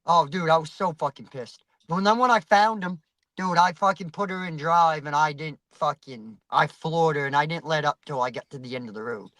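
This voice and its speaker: A man's voice: on the high side, moderate pace, a bit bright, dry recording, low-quality recording. A man telling a rambling, profanity-heavy story in casual chat, acting out the voices of people he quotes.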